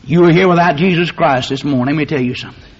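A man preaching a fiery sermon, swinging from hushed tones to shouting and drawing out words for emphasis. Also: fairly high pitch, fast, husky. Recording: dull lo-fi sermon recording.

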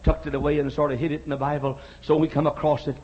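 A man preaching with a husky, slightly breathy voice that sits a little higher than most men's. He moves between hushed, intimate passages and long, shouted cries, stretching out the words he stresses. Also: flat delivery, lo-fi sound. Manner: swings from hushed to shouting, drawn-out emphatic cries. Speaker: pastor. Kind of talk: sermon.

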